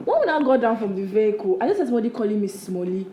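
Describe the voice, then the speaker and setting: Fast-talking woman telling a story. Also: mid-range voice, echoey room, slight background noise. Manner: animated, laughing while telling an anecdote. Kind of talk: casual chat, storytelling. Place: studio.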